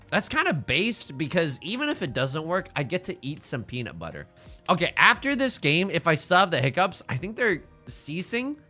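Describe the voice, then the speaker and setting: A man streaming a tile game, talking through his moves in an animated, jokey way. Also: on the high side. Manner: animated, jokey, self-narrating. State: hiccuping. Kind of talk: live game stream commentary.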